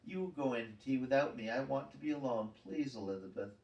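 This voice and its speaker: A gentle schoolgirl, heartbroken and trembling as she pleads to be left alone, voiced by a man. The storybook reading sounds roomy and distant from the mic. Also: mid-range voice, a little fast, highs cut off, close to an everyday voice. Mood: withdrawn.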